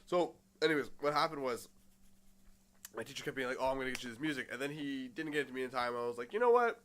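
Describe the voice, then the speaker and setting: A man's voice: mid-range voice, fairly even intonation, fast, fairly bright tone. A young man chatting casually, telling a rambling story with swearing and quoted voices. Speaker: podcast guest.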